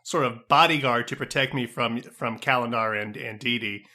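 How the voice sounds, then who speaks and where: A man co-hosting a comedy podcast, playing along in improv with a hesitant, halting way of talking. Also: medium pitch, sharp tone. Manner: hesitant, full of filler words. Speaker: podcast co-host.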